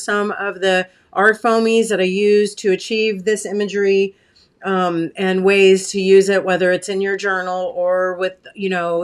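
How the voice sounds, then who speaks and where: An American woman hosts a casual live craft stream, chatting with viewers, reading comments, and making warm asides with plenty of fillers. Her mid-range voice is smooth, though there's a catch in her throat and she clears it often.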